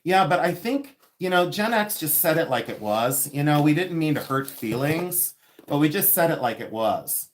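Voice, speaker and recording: A man's voice: a little high, sing-song, moderate pace, slight background noise. A man in his fifties from Ohio, hosting a rambling, chatty livestream and talking with viewers. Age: 50s. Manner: chatty and rambling, laughs often. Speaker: livestream host selling vintage jewelry. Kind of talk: casual live chat with viewers.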